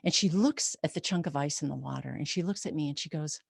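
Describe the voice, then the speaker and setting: A woman telling a personal story in an expressive, conversational way. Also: low-pitched, quick pace, gravelly, husky, no room sound, clean studio sound.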